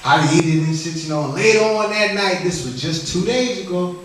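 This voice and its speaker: A man's voice: high voice, animated, moderate pace, slight background noise. A man doing open mic stand-up comedy, telling a rambling, profane story and joking with the crowd. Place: comedy lounge stage. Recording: echoey room, mic at a distance.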